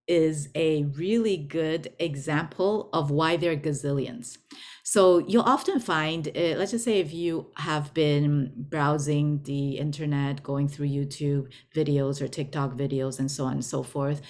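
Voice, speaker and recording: Brief: female spiritual teacher, unhurried, repeats words for emphasis, informal lesson. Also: low voice, darkish tone.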